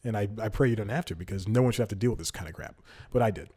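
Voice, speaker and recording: A man's voice: lowish voice, rapid-fire, mellow, slightly rough. A man in his twenties hosting a comedy podcast, telling a story in a rambling way, restarting sentences and laughing at himself. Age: 20s. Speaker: podcast host.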